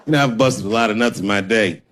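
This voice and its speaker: A middle-aged man performing a profane stand-up comedy set on stage, telling stories and acting out other people's voices. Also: mid-range voice. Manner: profane storytelling, acts out voices. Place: stage before a live audience. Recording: live show with audience noise.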